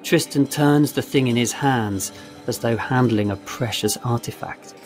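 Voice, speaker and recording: A man narrating a story in a steady, measured reading voice. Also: mid-range voice. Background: faint guitar music.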